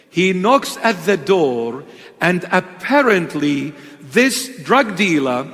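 A man preaching a sermon, telling a story slowly and dramatically with emphatic pauses. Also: sits high, fairly bright tone. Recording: long hall reverb.

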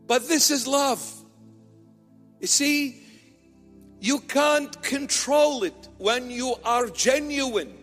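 High-voiced middle-aged bishop preaching playfully. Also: male voice, drawn-out words, long pauses, a bit bright. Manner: playful, teasing preaching with mock dialogues. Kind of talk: sermon. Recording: long hall reverb with faint music.

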